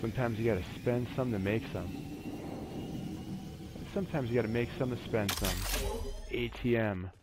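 Exploring a game map on his own, a male gaming channel host chats casually and tosses out corny jokes in solo gameplay commentary. He has a mid-range voice at a moderate pace with long pauses, and the audio is very noisy.

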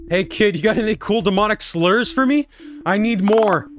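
A man's voice: sits high, expressive, moderate pace. A man commenting sarcastically and swearing freely as he plays through a game. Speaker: streamer playing a game. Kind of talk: let's play commentary. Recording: game music behind.

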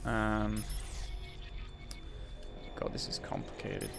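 Male gamer, unhurried low voice, thinking aloud while playing, clear background music. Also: very animated. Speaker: gaming video host. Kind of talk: let's play commentary.

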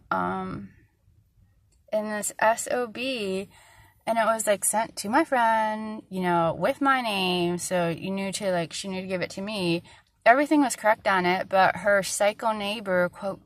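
A woman's voice: mid-range voice, a bit bright, no echo. A woman venting in a personal vlog, rambling and frustrated, with many fillers and a tired voice. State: tired, struggling to find words. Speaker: vlogger.

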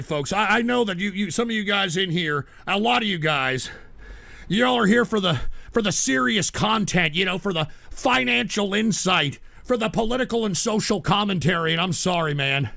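A sick man hosting a livestream talk show, exasperated, swearing and shouting at trolls. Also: sits high, expressive, moderate pace, creaky, dry recording. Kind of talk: casual livestream rant.

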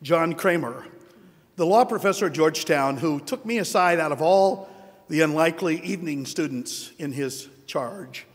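Older man, wry acceptance speech, fairly high voice, big reverberant hall. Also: expressive, normal speed. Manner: wry, self-deprecating, anecdotal. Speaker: award recipient giving acceptance speech. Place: large hotel ballroom at a conference.

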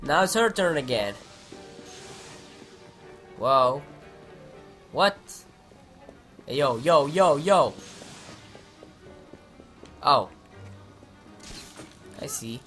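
A young man giving excitable let's play commentary, swearing and shouting at the game. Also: fairly high pitch, very slow, long pauses, soft background music. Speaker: gaming commentator.

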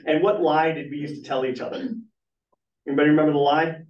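A middle-aged man, a business trainer, telling lively stories to a meeting room and asking the audience questions. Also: on the high side, fast. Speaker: business trainer and guest speaker. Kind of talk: storytelling talk at a networking meeting. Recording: echoey, muffled room recording from far off.

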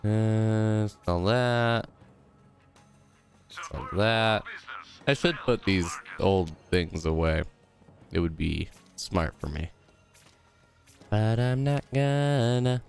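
A young man chatting over his gameplay in a lowish, smooth voice, goofy and rambling, now and then jumping into silly high squeals. Game music plays faintly underneath. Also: fairly even intonation, extremely slow, long pauses. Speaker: gaming YouTuber. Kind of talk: let's play commentary.

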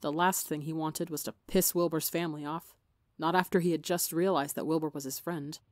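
A woman with a slightly gravelly voice, narrating a fan fiction story in a steady audiobook reading. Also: sits low, a little fast, no room sound, clean studio sound. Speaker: podcast fiction reader.

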